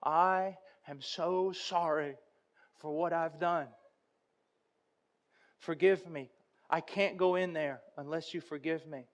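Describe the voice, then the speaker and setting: A man's voice: a little high, steady tone, slow, long pauses. A man voicing a harried, short-tempered office-worker husband who snaps in exasperation. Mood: remorseful. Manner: snapping, exasperated.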